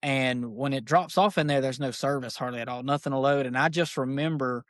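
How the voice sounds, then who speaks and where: A man, a podcast guest, tells a story in casual, excited, rambling speech, full of fillers like "dude". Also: mid-range voice, a little fast, no room sound, clean studio sound. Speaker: podcast guest, archery shop owner.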